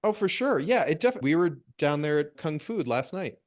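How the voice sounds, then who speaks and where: A man's voice: on the high side, sing-song, fast talker. A man hosting a podcast in casual chat, easygoing and agreeable, mostly giving short replies.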